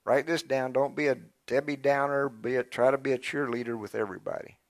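An older man preaching a sermon in a folksy, animated way, calling on the congregation to answer back. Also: medium pitch, brisk, no room sound. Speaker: pastor.

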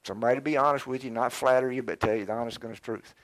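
An older man preaching a sermon in a folksy, animated way, calling on the congregation to answer back. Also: mid-range voice, very fast, no room sound. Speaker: pastor.

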